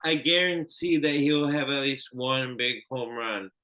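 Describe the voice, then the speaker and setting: A man's voice: medium pitch, measured pace, pushed and bright, rough recording. A man co-hosting a sports betting podcast, talking loosely and with swearing, repeating points as he goes. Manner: loose, profane, repeats himself. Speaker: podcast co-host. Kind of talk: casual sports betting chat.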